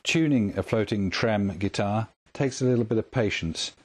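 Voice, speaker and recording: A man calmly walking through a guitar tremolo setup step by step, patient and methodical. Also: fairly low pitch, moderate pace. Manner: calm, patient, step-by-step explaining. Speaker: guitar tech instructor. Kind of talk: instructional demonstration.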